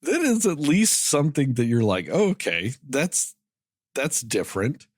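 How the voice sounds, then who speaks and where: A man's voice: medium pitch, measured pace, slightly rough, no echo, clean studio sound. A man co-hosting a movie podcast, riffing and swearing in casual late-night chat, sounding tired. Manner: animated, profane, riffing. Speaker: podcast co-host.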